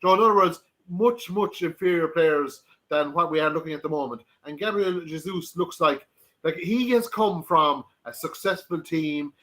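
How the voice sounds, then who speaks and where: A man's voice: fairly high pitch, moderate pace, a bit bright. A man guest in a casual chat, rambling with many restarts. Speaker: podcast guest.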